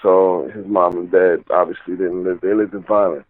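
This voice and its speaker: A man's voice: sits low, level tone, normal speed. A man telling a personal story in a rambling, casual way, full of "you know" and "like". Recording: tinny phone line.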